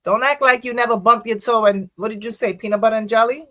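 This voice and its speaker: A woman in a casual interview, a first responder and poet who tells her stories with quick asides and frequent laughter. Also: on the high side, expressive, bright, forceful tone, dry recording. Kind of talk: casual podcast interview talk.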